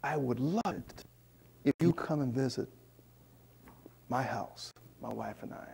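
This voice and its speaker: A man speaking as a gentle older man who invites guests into his home, in a quiet and unhurried voice. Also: mid-range voice, creaky, slightly rough, pitched below the performer's own voice. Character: soft-spoken older man, a welcoming host.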